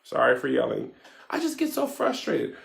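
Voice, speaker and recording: A woman's voice: on the low side, huge pitch swings, normal speed, gravelly, shouting, very noisy. A woman giving a comedic video rant, sarcastic and mocking. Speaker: viewer commentator.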